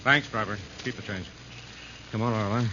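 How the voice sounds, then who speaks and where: An actor playing a brisk, protective newspaper editor in a 1940s radio drama, with a commanding manner. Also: male voice, lowish voice, natural voice. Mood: urgent. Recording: dull lo-fi old radio with faint hiss.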